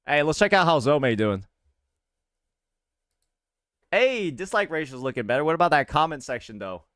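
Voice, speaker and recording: A man's voice: on the high side, big pitch swings, moderate pace, fairly bright tone, clear, resonant tone, dry recording, clean studio sound. A male streamer chatting casually to his viewers live, loose and repetitive, from the American South. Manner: loose and chatty, repeats himself.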